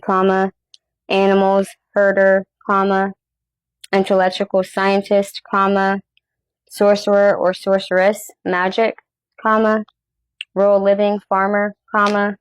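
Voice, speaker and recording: Woman host, casual chat, blunt and swears freely, flat delivery, dry close sound. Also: mid-range voice, dry recording. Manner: blunt, swears freely, reads lists aloud. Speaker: host, tarot reader.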